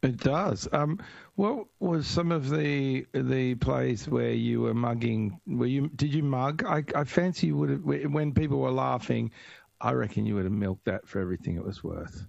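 Man, radio host, playful teasing interviewer, gravelly voice, dry studio. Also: medium pitch, normal speed, a little mellow, no room sound. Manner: playful, teasing, laughs often. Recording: dull lo-fi radio sound.

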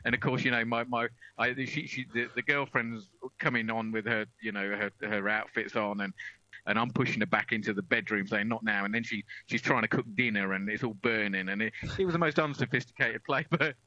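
A man's voice: on the low side, steady tone, brisk, bright, forceful tone, no echo. A middle-aged man with an English accent, chatting as a radio guest about amateur acting, self-deprecating and full of restarts. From England. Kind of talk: casual radio chat. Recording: dull lo-fi radio sound.

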